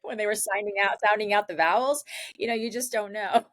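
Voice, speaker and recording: A woman's voice: medium pitch, fairly quick, a bit bright, no room sound. A middle-aged woman chatting as an interview guest, gushing and bubbly, with lots of restarts and little laughs. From born in New York, raised in Ecuador and South Florida. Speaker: interview guest, dating coach. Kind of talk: casual interview chat.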